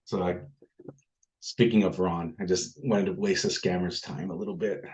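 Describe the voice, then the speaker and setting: A man's voice: deep voice, fairly even intonation, normal speed, a little mellow, low-quality recording. A man hosting a casual group discussion, telling jokey stories and asking for questions. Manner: joking storyteller. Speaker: notary meetup host.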